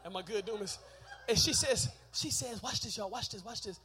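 A man preaching a sermon, shouting his points and joking with the congregation in a church. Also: sits high, normal speed.

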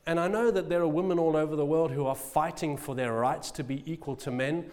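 A man's voice: a little high, steady tone, a little fast, a little mellow. A man in his forties, a pastor giving a sermon, telling a personal story in a humble, storytelling way with laughs and restarts. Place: church hall. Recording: long hall reverb.

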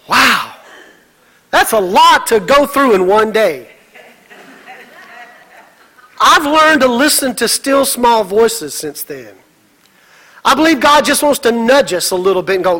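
A middle-aged pastor delivers an animated sermon and slips into voices of the people in his story. His voice sits very high and sounds bright and forceful. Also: moderate pace, rough recording. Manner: animated preaching, acts out voices of God and Moses.

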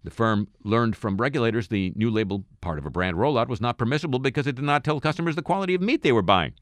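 A man hosting a satirical radio show who reads the news and drops wry, deadpan asides between items. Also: medium pitch, quick pace, no echo. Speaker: radio host.

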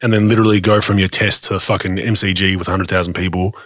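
Fast-talking sweary Australian man. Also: low voice, little pitch movement, fairly bright tone, dry recording, clean studio sound. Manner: blunt, sweary, ranting storyteller. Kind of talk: casual chat.

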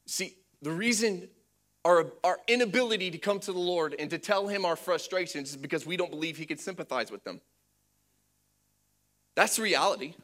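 A man preaching a sermon to a congregation, moving between loud fervent preaching and hushed storytelling, with playful asides. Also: high-pitched, moderate pace. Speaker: pastor. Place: church before a congregation.

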